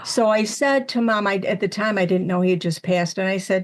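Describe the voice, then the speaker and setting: An older woman chats through her stories in an even, middle-pitched voice. She animates the quotes as she goes, easy and talkative. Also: a little fast. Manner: chatty, animated storyteller who acts out quotes. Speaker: guest medium. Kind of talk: casual storytelling interview.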